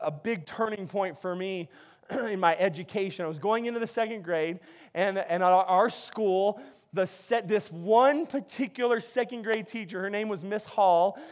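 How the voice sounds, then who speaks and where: A man with a strikingly high voice delivers a sermon as a pastor. He talks to his congregation in a loose, chatty way, cracks jokes and often restarts his phrases. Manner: conversational, jokey preaching with frequent restarts.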